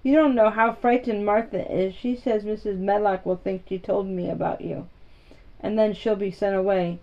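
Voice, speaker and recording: A woman's voice: medium pitch, steady tone, moderate pace, dull audio, close to an everyday voice. A woman doing a blunt, contrary young girl. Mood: earnest. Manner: plain-spoken, earnest storytelling.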